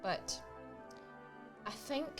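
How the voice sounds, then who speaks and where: A woman's voice: very slow, music in the background. A woman playing a prim, mock-indignant British woman with a put-on British English accent in a comedy sketch.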